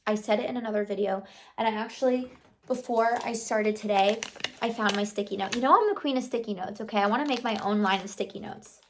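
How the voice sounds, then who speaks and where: A woman's voice: mid-range voice, quick pace, slight background noise. A woman in her thirties vlogging to camera in a casual, motivational chat, chatty and affirming, full of "like" and "you know".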